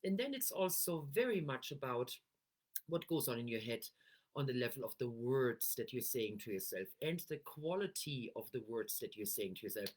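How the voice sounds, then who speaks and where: Expressive middle-aged woman coaching. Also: extremely low pitch, normal speed. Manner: expressive, shifts her voice tone for emphasis. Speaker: NLP coach. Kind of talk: coaching talk to camera.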